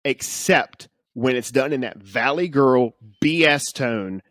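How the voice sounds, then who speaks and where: Guy cohost on a podcast, wry and opinionated, middle pitch, dead dry room. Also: slow, fairly bright tone, dry recording. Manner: wry, opinionated, mock-exasperated. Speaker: podcast co-host. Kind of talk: casual chat. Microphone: studio headphones.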